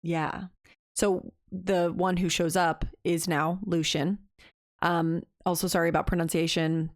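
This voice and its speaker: A woman's voice: on the low side, flat delivery, measured pace, dry recording, studio quality. A woman co-hosting a podcast, recapping a book in a casual, chatty way and acting out the characters' lines as she goes. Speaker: podcast co-host.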